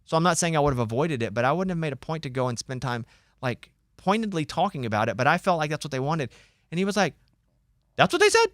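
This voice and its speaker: A man hosting a radio talk show, telling a long story in a lively casual way and acting out what others said. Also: fairly high pitch, fast, no room sound, clean studio sound. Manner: animated storyteller, acts out quoted voices.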